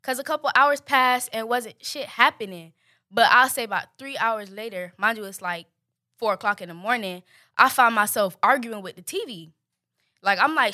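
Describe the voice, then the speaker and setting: A young woman, casually telling a profane, animated story and acting out the quotes. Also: on the high side, moderate pace, dry recording, clean studio sound.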